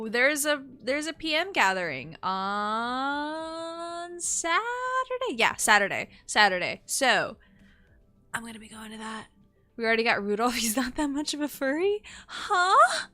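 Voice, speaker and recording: A young woman streaming a game, chatting excitably and swearing freely. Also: a little high, measured pace. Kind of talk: casual live-stream chat.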